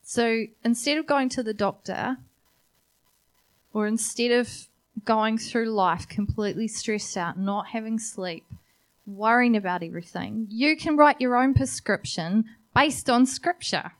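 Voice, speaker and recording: Woman preacher, sermon, slow delivery, earnest, encouraging, rhetorical questions. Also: on the high side.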